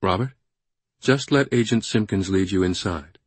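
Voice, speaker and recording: A man voicing a stern, secretive older man who speaks calmly and firmly in an audiobook. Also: deep voice, moderate pace, breathy edge, no echo. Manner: stern and calm.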